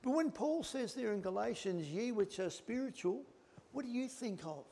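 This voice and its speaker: A middle-aged male preacher giving a sermon, swinging from loud emphatic lines to hushed whispered words. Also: extremely high pitch, lively intonation, moderate pace, creaky, a little hiss or hum.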